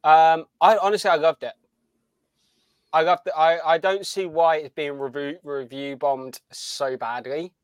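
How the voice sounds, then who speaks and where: A man's voice: on the high side, steady tone, measured pace, clear, resonant tone, no echo. A young man chatting casually as a podcast co-host, rambling and enthusiastic with many restarts. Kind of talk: casual chat.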